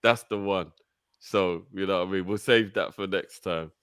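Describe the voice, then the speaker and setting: A man's voice: low-pitched, normal speed, a bit bright, clean tone, dry recording, clean studio sound. A man hosting a fan call-in show, slangy and laughing, calling everyone "bro". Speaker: host. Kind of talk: casual call-in chat.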